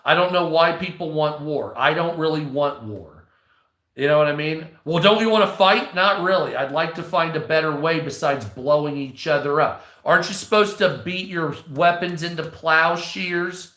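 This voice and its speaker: Swearing, rambling guy in his 40s on a livestream, bright voice in an echoey room. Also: fairly high pitch, normal speed. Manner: profane, rambling ranting. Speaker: livestream host. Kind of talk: casual livestream monologue.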